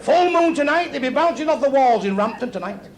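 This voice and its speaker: Crude Manchester comic over laughing crowd. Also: male voice, very high-pitched, animated. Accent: Manchester English. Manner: crude, blunt, quick punchlines, acts out characters in dialogue. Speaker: stand-up comedian. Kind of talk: stand-up joke telling. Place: comedy club stage. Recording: live club show with crowd laughter. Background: audience laughing.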